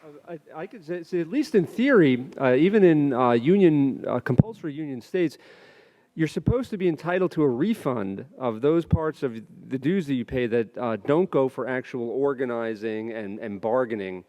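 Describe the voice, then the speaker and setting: A man's voice: medium pitch, lively intonation, normal speed, dark tone. A man on a panel answering an audience question, hesitant with many fillers. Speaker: panel speaker.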